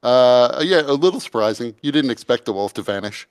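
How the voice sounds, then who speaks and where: A man's voice: mid-range voice, animated, fairly quick, clean tone, dry recording. A man narrating as game master in a tabletop game, calling for rolls and describing the fight, with frequent "uh" fillers.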